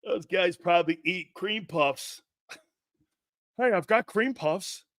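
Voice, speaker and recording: A man hosting a sports talk show, ranting in a loud, mocking, profane way with frequent shouts. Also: high voice, slow pace, no room sound, studio quality. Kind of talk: brash sports talk rant.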